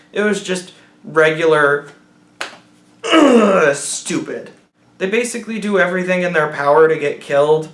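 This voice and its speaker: Man, rambling mocking film review, fairly high voice, roomy echo. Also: a bit bright. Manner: rambling, mocking, acts out characters in silly voices. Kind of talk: sarcastic movie review rant.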